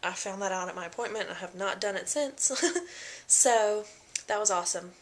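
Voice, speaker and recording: A young woman vlogs casually about her pregnancy at normal speed with a medium-pitched voice. She's chatty and packs her talk with fillers, often acting out what people said in quoted voices.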